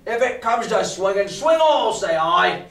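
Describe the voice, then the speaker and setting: A male teacher reading aloud as a gruff, quarrelsome old sea captain, in an echoey classroom heard from far off. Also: on the high side, steady tone, unhurried, a bit bright. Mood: angry.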